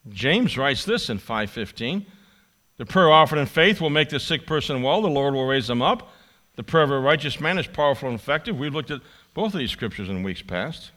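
Animated, bright-voiced male preacher. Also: medium pitch, a little fast. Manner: dramatic, voicing the prayers of Jesus in a pleading tone; emphatic, repeats key lines. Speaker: pastor. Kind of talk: sermon.

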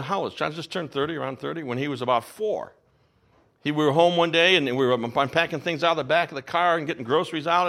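A man in his fifties preaching a sermon, telling stories and acting out the voices of people in them. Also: fairly high pitch. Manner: animated storytelling, acts out the voices of people in the story. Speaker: pastor.

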